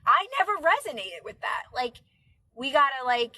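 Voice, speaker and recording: Brief: chatty woman live streamer, high pitch, bright rambling talk. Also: sing-song, moderate pace, rough recording. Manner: chatty, rambling with many fillers. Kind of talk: casual live stream chat.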